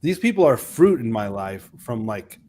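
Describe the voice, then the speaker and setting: A man in his fifties talks in a casual co-hosted chat show. He wanders through his stories with restarts and asides, his voice sitting at an ordinary middle pitch and moving freely as he gets animated. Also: normal speed. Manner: rambling, animated storyteller with many restarts. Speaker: co-host, missionary pastor.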